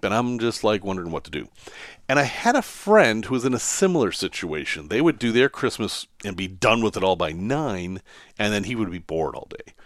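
A man's voice: medium pitch, dry recording, studio quality. A man, telling personal stories as a podcast host in a casual monologue and chuckling often. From Massachusetts, USA.

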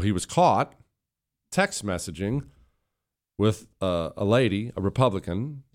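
A man hosting a radio talk show, delivering political commentary in an emphatic style that builds in intensity, recorded on a studio microphone. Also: lowish voice.

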